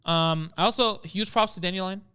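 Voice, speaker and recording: Bright excitable male esports caster. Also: high-pitched, fairly quick, clean tone. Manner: excitable, jumps to loud shouts during plays. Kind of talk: live esports commentary.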